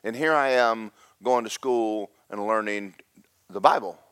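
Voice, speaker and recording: A middle-aged man preaching a sermon, telling a story in loud bursts that drop to hushed asides. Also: lowish voice, measured pace, clear, resonant tone, dry recording, studio quality. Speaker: pastor.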